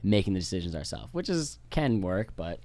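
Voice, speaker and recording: A man's voice: low voice, very animated, brisk, crowd noise. A young man from New York, a podcast guest telling rambling, laid-back stories and swearing freely. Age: young adult. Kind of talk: casual storytelling chat.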